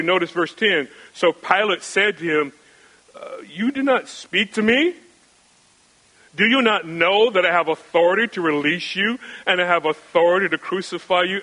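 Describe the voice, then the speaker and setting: Bright-voiced male preacher, rhetorical. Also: high voice, normal speed, low-quality recording. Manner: rhetorical questions and emphatic repetition; swings between raised and hushed delivery. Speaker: pastor. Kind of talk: expository sermon.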